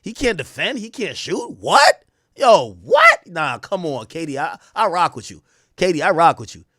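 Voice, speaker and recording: Loud, animated young male streamer. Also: moderate pace, dry recording, clean studio sound. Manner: loud, profane trash talk with sudden jumps in pitch and volume. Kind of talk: casual live-stream commentary reacting to chat and posts.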